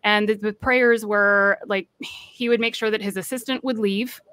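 A woman's voice: medium pitch, fairly even intonation, normal speed, fairly bright tone, clean tone, no echo. A woman guest recounting a personal story in earnest, acting out the voices of people she quotes.

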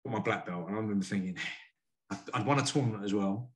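A man from the UK, a karate sensei and boxing coach, telling stories frankly and earnestly as a podcast guest. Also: lowish voice. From United Kingdom. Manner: frank, earnest, quick to admit feelings. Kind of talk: candid storytelling in a podcast interview.

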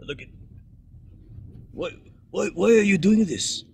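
A man's voice: sits high, takes it slowly, vocal fry, noisy background, pitched above the performer's own voice, heavily acted. A man voicing a whiny, childlike male turtle uncle who frets and jokes, recorded inside a car. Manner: whiny, fretful, jokey.

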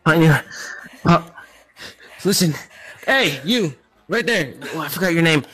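A man hosting a Minecraft roleplay. His voice sits somewhat high for a man, and he talks in firm, repeated commands. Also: lively intonation, unhurried, fairly bright tone, slightly rough, no room sound, poor audio. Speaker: roleplay channel host.

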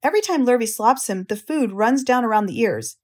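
A woman's voice: fairly high pitch, lively intonation, brisk. A woman doing a bossy farm wife. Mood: firm. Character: bossy farm wife, middle-aged, determined.

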